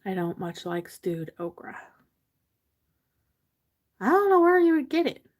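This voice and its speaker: A woman from Pennsylvania hosts a casual livestream, chatting with viewers, reading their comments aloud, and laughing often. Her medium-pitched voice is sing-song and unhurried.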